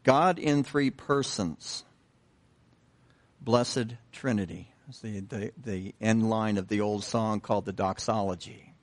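A man preaching a sermon in a conversational way, pausing with fillers and restarting his sentences, and asking the listeners questions. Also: fairly low pitch. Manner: unhurried, repeats himself with many fillers and restarts; conversational, asks the congregation questions. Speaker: pastor.

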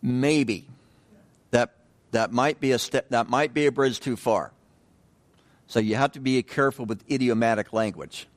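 A man's voice: mid-range voice, unhurried. A man leading an informal Bible study, talking in a loose, conversational way. He often repeats words, restarts his phrases and puts questions to the group. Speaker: Bible teacher.

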